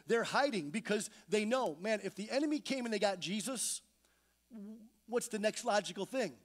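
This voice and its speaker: High-voiced animated male pastor. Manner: animated storytelling, acting out voices. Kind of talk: sermon. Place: church sanctuary.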